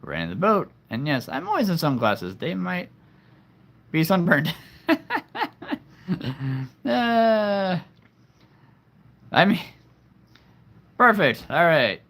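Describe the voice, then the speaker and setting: A man hosting a casual livestream, chatting with viewers, laughing often and jumping up in pitch when excited. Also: takes it slowly, vocal fry, pauses often. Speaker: livestream host. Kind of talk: casual livestream chat reading comments.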